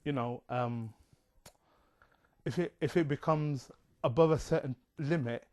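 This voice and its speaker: A man's voice: medium pitch, unhurried, a little mellow. A man talking in a rambling, casual monologue, full of fillers and digressions. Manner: chatty, digressive, many fillers.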